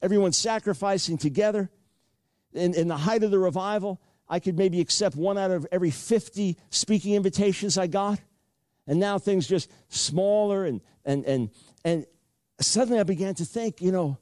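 An older man delivers a sermon in a fairly high voice, recounting his own story with earnest repetition. The sound is close and dry, with no room around it. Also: moderate pace, a little mellow, no echo. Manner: earnest storytelling with frequent repeats. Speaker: preacher.

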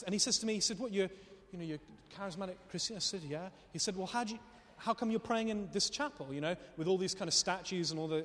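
A man preaching a sermon, telling stories in an animated way and laughing often as he speaks. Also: high voice. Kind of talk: sermon with storytelling. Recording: long reverb of a hall.

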